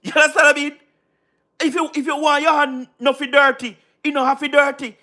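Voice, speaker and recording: A man's voice: very high-pitched, little pitch movement, brisk, pushed and bright. A man with a Jamaican accent hosting a casual livestream, talking emphatically, repeating himself and often asking if you understand. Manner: repetitive, emphatic, keeps asking "you understand what I mean?". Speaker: livestream host.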